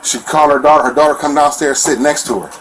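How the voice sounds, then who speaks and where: Man, slightly high voice, rambling and apologetic with police, noisy bodycam recording. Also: steady tone, quick pace, fairly bright tone. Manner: rambling, repeats himself, frequent apologies. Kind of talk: rambling retelling of a domestic dispute. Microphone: officer's bodycam.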